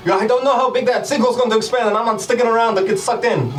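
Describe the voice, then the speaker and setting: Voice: medium pitch, fairly even intonation, racing, voice pushed up, close to an everyday voice. A man doing a scared, fleeing woman monk. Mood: nervous. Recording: distant mic with music behind.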